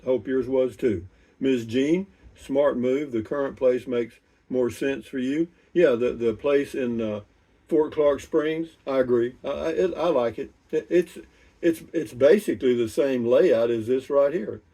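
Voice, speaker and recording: Relaxed older man, mic set back. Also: medium pitch, distant mic. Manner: unhurried, rambling, with many restarts. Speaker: vlogger reading viewer comments. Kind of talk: casual chat.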